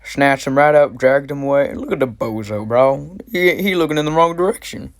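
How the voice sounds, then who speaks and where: Young man as a boastful slangy soldier, mid-pitched voice, homemade skit. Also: fairly quick, natural voice. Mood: cocky. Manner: cocky, slangy. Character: cocky tough soldier, adult man, boastful. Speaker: narrator of a flashback in a school history skit. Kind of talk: amateur comedy sketch narration.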